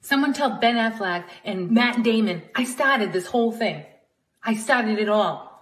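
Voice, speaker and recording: Woman doing a hot-headed Boston woman, heavy Boston accent, loud, fast, brash. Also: fairly high pitch, expressive. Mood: furious. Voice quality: loud, brash, rapid threats. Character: furious brash Boston woman spoiling for a fight. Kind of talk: comic video sketch.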